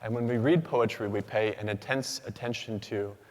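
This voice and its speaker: Lower-voiced male speaker, deliberate and measured, reverberant auditorium. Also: fairly even intonation, darkish tone. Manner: rhythmic, measured delivery with deliberate pauses. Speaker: doctoral student speaker. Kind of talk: rehearsed academic talk. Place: large hall. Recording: long hall reverb.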